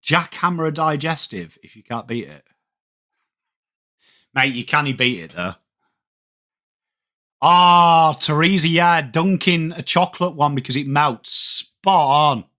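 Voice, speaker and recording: A man's voice: a little high, slow, long pauses. Chatty man streaming footy commentary. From England. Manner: chatty, reads out viewer comments, rises excitedly on plays. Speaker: watchalong streamer. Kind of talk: live game commentary mixed with chat.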